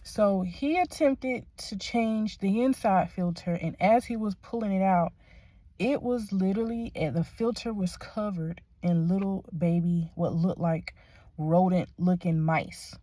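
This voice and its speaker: A woman tells a rambling story to her viewers from her car, dropping to a hush and then rising to loud, excited disbelief. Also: mid-range voice, no echo. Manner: excitable, rambling, quick to swing between hushed and loud. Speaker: vlogger. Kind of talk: casual storytelling to camera. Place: in a car at a shop, then parked.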